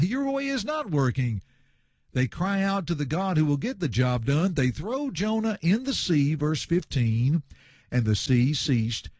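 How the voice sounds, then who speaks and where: A man's voice: fairly high pitch, breathy edge, dry recording, clean studio sound. A man preaching a sermon, explaining a scripture passage verse by verse. He talks in an emphatic way, returns to the same refrains and calls his listeners friends. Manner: animated, emphatic, repeats refrains.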